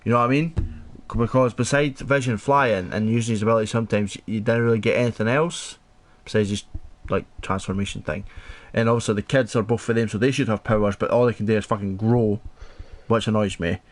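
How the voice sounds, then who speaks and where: A Scottish man co-hosting a podcast in casual chat, animated and sweary, thinking aloud as he talks. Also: on the low side, fast talker. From Scotland. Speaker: podcast co-host.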